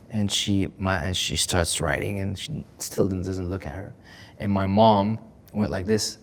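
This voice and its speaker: A man's voice: low voice, steady tone, a little slow, a little hiss or hum. A man, a comedian guest on a podcast, telling stories animatedly, often repeating words and laughing. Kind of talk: emotional podcast conversation. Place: podcast studio.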